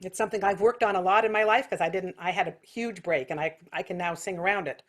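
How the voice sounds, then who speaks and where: A woman's voice: on the low side, steady tone, fast talker. Casual woman teaching singing. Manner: casual, thinking aloud with fillers and restarts. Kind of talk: online singing lesson. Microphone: video call.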